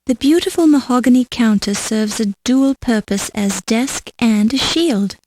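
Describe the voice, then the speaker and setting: A woman's voice: on the high side, a little slow, a little mellow, rough recording. A woman giving dry, wry scripted narration for a video game.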